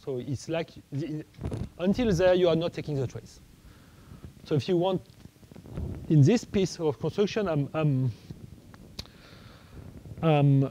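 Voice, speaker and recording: Halting male math lecturer, mellow voice. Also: on the high side, slight background noise, low-quality recording. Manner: halting, many restarts and fillers, thinking aloud.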